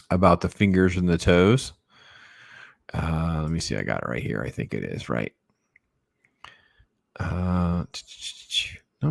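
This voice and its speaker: A man's voice: low voice, creaky, a bit bright, dry recording, studio quality. A man chatting casually and enthusiastically about comic books, rambling with lots of fillers. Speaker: comic book collector. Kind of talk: casual video chat.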